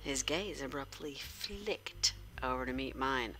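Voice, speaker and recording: A woman's voice: very deep voice, lively intonation, measured pace, bright, forceful tone, soft background music. A woman streamer reading a story game aloud, narrating and dropping in playful, joking asides.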